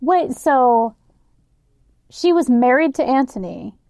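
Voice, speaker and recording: A woman hosting a podcast, chatting candidly and thinking out loud with plenty of "like"s and the odd swear. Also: sits high, animated, slow, gravelly, no echo. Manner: candid, profane, thinks aloud with many "like"s. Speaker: podcast host. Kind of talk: casual podcast chat.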